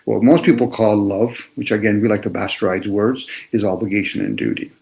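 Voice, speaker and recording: A man in casual chat, explaining his ideas in a slow, lecturing way and playing with the meanings of words. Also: fairly low pitch, lively intonation, creaky, a little mellow, poor audio.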